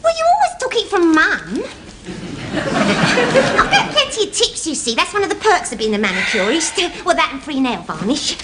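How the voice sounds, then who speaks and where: A woman's voice: very high-pitched, wildly swooping pitch, normal speed, very noisy, full character voice. An actress playing a chatty young manicurist, speaking to her father. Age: young adult. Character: chirpy young manicurist daughter, fond of her dad.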